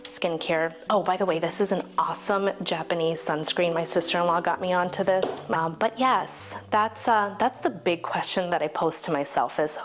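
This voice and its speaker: A woman's voice: fairly low pitch, moderate pace, hardly any pauses, a little hiss or hum. A woman in her forties chatting casually to camera as a vlogger, rambling and heartfelt, laughing often and getting teary. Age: 40s. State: teary, emotional.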